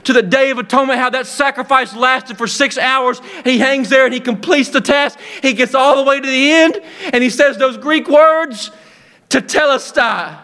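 A man delivers a fervent sermon in a very high, piercing voice. His tone is bright and forceful, and he circles back on his own words with repeated restarts. He builds up to shouted lines. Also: fairly even intonation, normal speed. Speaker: preacher. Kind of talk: impassioned sermon.

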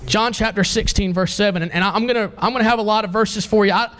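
A man's voice: high-pitched, fairly even intonation, fast talker, fairly bright tone. A man preaching a sermon to a congregation, reading scripture and asking the listeners pointed questions.

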